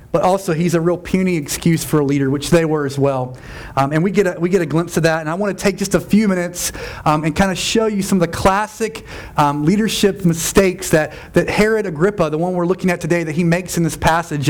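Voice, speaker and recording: Emphatic high-voiced male preacher. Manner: conversational, emphatic, repeats phrases. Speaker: pastor. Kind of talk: sermon.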